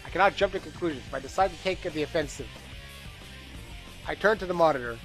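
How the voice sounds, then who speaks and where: A man's voice: fairly high pitch, fast talker, fairly bright tone, faint music behind. A man reading a game's narration aloud during a playthrough, tired and bored, with small slips and asides. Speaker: gameplay commentator reading game text aloud.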